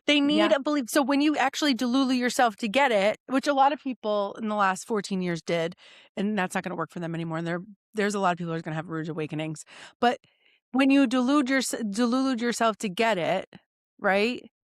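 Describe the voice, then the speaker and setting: A woman's voice: mid-range voice, brisk, no room sound, clean studio sound. A woman hosting a casual podcast chat on shadow work, talking animatedly, swearing and acting out the dialogue she quotes. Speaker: host, shadow work coach.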